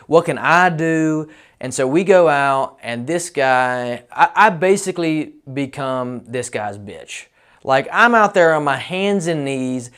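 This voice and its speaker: A man's voice: fairly high pitch, fairly bright tone. Man telling a roofing job story. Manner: rambling, many fillers and restarts, quotes people in his own voice. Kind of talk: casual storytelling.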